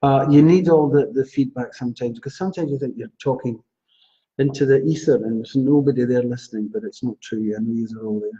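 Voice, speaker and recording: A Scottish man hosting a live psychic reading stream, chatty and animated, reading out viewers' names. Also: medium pitch, brisk. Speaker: psychic astrologer host. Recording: dull lo-fi livestream audio.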